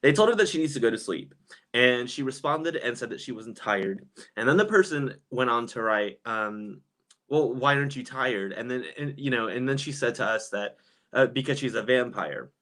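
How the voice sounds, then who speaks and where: A man chatting casually on a live stream, gossipy and quick to laugh, reading viewers' comments aloud and reacting. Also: medium pitch, animated, fairly bright tone.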